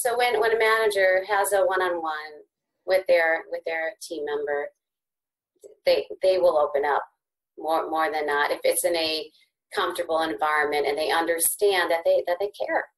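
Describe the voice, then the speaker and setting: A middle-aged woman, a podcast guest, speaking conversationally and with animation, her pitch swooping high when excited and her words often restarting. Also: moderate pace, low-quality recording. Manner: frequent repeated word restarts. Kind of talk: conversational interview.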